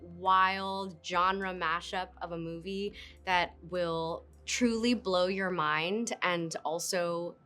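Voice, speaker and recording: A woman in her thirties, an actress, talking casually and playfully in an interview, with giggles and quick asides. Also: fairly low pitch, steady tone, pushed and bright. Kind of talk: casual interview talk to camera. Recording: faint music behind.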